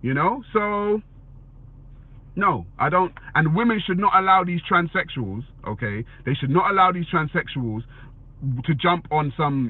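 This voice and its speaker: In a casual opinion monologue, a man bluntly reacts to viewer comments, swearing and often saying "you know what I'm saying." He speaks at a moderate pace in an expressive voice on the high side, with a breathy edge. The dry, phone-like sound has no echo.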